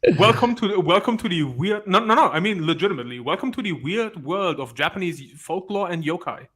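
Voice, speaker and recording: A man's voice: high voice, animated, fairly quick, sharp tone, husky. A man making sarcastic asides in a casual online chat.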